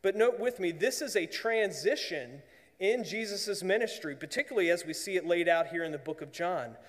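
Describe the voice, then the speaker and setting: A man preaching a sermon as pastor, earnest, often dropping to a hushed voice for emphasis. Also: high-pitched, lively intonation, normal speed, big-room sound.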